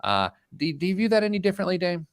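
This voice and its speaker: A man's voice: sits high, rapid-fire, clear, resonant tone, dry recording, studio quality. A man hosting a radio finance talk show in casual chat, joking and telling stories. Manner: joking, animated storyteller. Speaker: show host.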